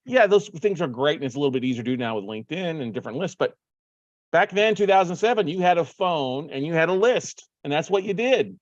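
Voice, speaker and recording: Host, man, lively storyteller, slightly high voice, dry dull recording. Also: a little fast, dry recording. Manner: animated, acts out his own phone calls. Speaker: podcast host. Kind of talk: casual storytelling.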